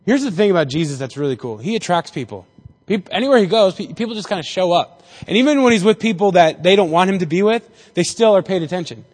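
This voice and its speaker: A man's voice: high voice, animated, quick pace, a little mellow. A man giving a casual, joking Bible lesson to a group, acting out the people in the story as he goes. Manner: chatty and jokey, acting out voices in the story. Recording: reverberant hall.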